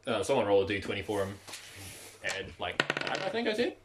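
A man's voice: lowish voice, huge pitch swings, a little fast, heavy background noise. A man narrating a tabletop game as game master in a loose, chatty way with many fillers.

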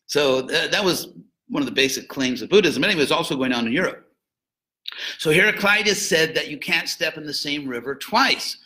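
A man speaking in a somewhat high register and a bright, forceful tone. He lectures informally on philosophy, wandering off into jokey asides before returning to his point. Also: lively intonation, fairly quick, poor audio.

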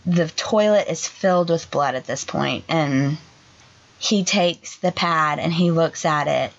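Young woman, kinda low voice, telling a heavy personal story, lots of "like", dull muffled audio. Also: gravelly. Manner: halting, lots of "like" fillers. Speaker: podcast co-host telling her story. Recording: dull lo-fi sound.

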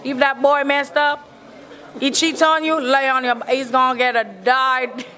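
A Jamaican woman answers questions in a loud, teasing, boastful way. Her voice sits high and bright. A long reverb trails each word. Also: steady tone, measured pace. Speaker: interviewee. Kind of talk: casual interview talk.

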